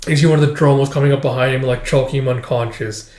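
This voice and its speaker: A man casually retelling a comic chapter panel by panel, reading out the dialogue between relaxed, filler-heavy asides. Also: mid-range voice, quick pace. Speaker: manga reader and commentator. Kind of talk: casual manga read-through. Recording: roomy echo.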